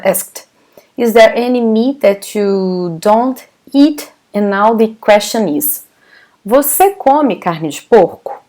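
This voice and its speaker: Teaching Brazilian Portuguese in English during a live online class, a Brazilian woman patiently explains and responds to questions from the chat. She has a Brazilian Portuguese accent, and her voice sits on the high side with a slightly mellow quality.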